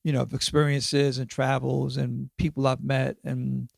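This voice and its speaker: A man in his fifties with a creaky, medium-pitched voice talks at normal speed in a level tone, with no room sound and studio quality. He's an author and podcast guest, chatting casually in an interview and reflecting on his experiences, often asking "right?" and saying "you know."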